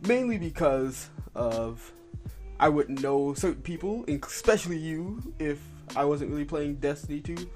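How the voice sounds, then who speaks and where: A man's voice: a little high, expressive, moderate pace, a little mellow, soft background music. A man hosting a podcast, talking loosely and rambling as he runs the show. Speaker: podcast host. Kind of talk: casual podcast chat.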